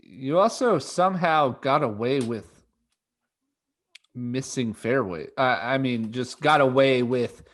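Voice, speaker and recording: A man's voice: mid-range voice, slow pace. A man co-hosting a golf podcast in casual chat, talking in a chatty way, often repeating himself and laughing. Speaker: podcast co-host.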